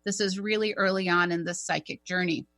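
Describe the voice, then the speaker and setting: A woman's voice: lowish voice, a little fast. A middle-aged woman co-hosting a radio talk show, telling a personal story in a chatty, rambling way. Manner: animated, chatty, rambling with fillers.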